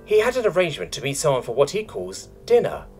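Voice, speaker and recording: Curie, a man doing a flat-toned robot. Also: fairly high pitch, fast, gravelly, faint music behind, pitched above the performer's own voice, full character voice. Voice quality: flat mechanical tone. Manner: nervous, hesitant, literal-minded. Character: timid monotone robot mechanic, hovering.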